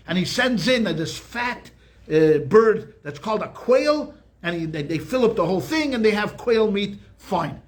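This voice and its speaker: Male rabbi with a high-pitched voice, chatty and joking as he teaches a class. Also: expressive, normal speed. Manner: chatty storyteller, keeps asking "okay?"; frequent restarts and repeated words. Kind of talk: weekly Torah class with jokes.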